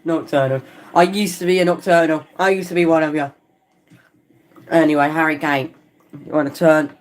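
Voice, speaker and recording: A man hosting a live football watchalong, chatting casually with viewers and reacting loudly to chances on the pitch. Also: normal speed. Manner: excitable, swings between chatty musing and loud outbursts at near misses; casual slangy talk, calls players and viewers lad and mate.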